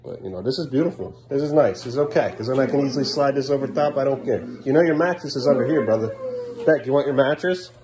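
Talking fast with a crowd audible behind him, a dad who vlogs films his young boys in their bedroom at home. He uses playful, sing-song baby talk that regularly jumps high, in a noisy home video.

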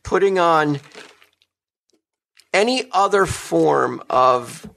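A middle-aged man co-hosting a podcast, telling stories in a lively casual chat with frequent laughs. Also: fairly high pitch, very slow, gravelly. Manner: animated, laughing storyteller. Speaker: podcast co-host.

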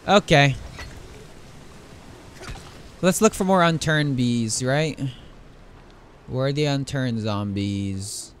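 A man's voice: mid-range voice, takes it slowly, pauses often, a little hiss or hum. A young man giving casual, playful commentary while playing a game and talking to the enemies he fights. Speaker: gaming YouTuber.

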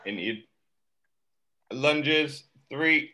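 A man's voice: a little high, expressive, drawn-out words. A man coaching a live workout class over a video call, counting down sets and giving short encouraging cues. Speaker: fitness coach.

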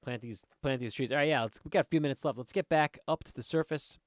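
A man's voice: medium pitch, fast, no echo, clean studio sound. A man giving casual, rambling commentary while playing a game, easily sidetracked and chatting to viewers and to the creatures on screen. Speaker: let's play host.

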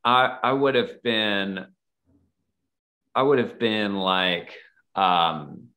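Man, podcast guest, slightly low pitch, casual rambling storytelling, lots of fillers. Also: extremely slow, bright, forceful tone. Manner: rambling, filler-heavy, acts out quoted dialogue.

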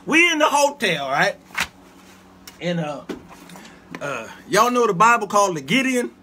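A show host tells comic stories to viewers in a live chat, his high voice swooping with lively pitch at an unhurried pace. He's animated, laughs often, throws in asides and talks back to viewers, with a faint hiss under the audio.

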